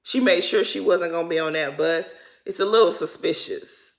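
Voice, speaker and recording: A woman's voice: fairly low pitch, moderate pace, gravelly. Chatty, slangy woman recapping reality TV. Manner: chatty, slangy and dramatic, addressing viewers as "y'all". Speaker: recap vlogger.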